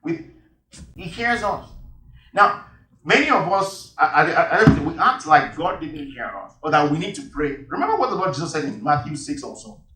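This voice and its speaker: A man's voice: a little high, big pitch swings, moderate pace, sharp tone. A man preaching a sermon and reading Bible verses, emphatic and repeating key phrases. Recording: echoey hall, voice from far off.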